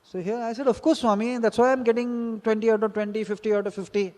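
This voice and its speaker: A man's voice: sits high, little pitch movement, fast talker, a little mellow. A man, a teacher, telling a personal story from his student days and acting out the exchanges he quotes. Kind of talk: spoken personal anecdote. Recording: hall reverb.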